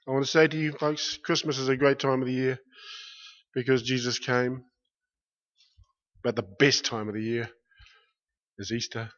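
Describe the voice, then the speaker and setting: Impassioned preacher man, muffled recording. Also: medium pitch. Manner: impassioned, swings from hushed to loud, repeats phrases. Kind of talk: sermon.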